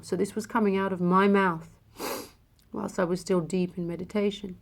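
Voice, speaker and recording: A woman speaks to camera about a personal spiritual experience. Her telling is emotional and intimate, with passages that fall to a hush. Her pitch sits in the middle. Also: fairly even intonation, moderate pace, vocal fry. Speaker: vlogger.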